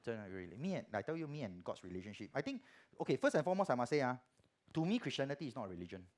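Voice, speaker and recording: A middle-aged Singaporean man with a Singaporean accent, giving a church testimony in chatty Singlish that swings from hushed to loud. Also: medium pitch, big pitch swings, racing. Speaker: guest preacher.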